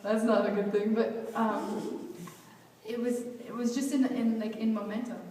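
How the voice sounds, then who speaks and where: A woman's voice: on the high side, little pitch movement, unhurried, warm tone. A young woman telling a personal story at a youth event, in a candid, rambling way full of "like" and restarts. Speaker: motivational speaker. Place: large hall at a youth event. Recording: echoey hall, distant mic, faint hiss.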